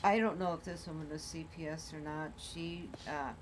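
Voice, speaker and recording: An older woman, a grandmother, telling the family's story in a casual conversation, halting with many pauses. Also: low-pitched, fairly even intonation, slight background noise, low-quality recording.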